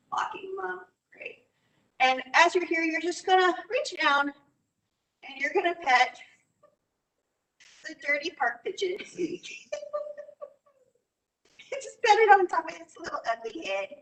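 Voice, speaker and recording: A woman theatre teacher leading clown warm-ups on a video call, playful and loud, laughing often, heard from a few steps away from a laptop mic in a room. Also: high-pitched, animated, a little slow, long pauses. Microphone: laptop camera mic from a few steps away. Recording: echoey room, far from the mic.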